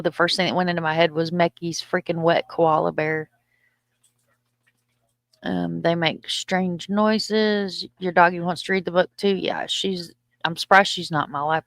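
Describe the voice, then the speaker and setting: A middle-aged woman hosts a casual live stream, reading comments aloud in a chatty, loose and profane way and stumbling over words. Her voice is on the low side and a bit bright. The studio sound is clean, with no echo.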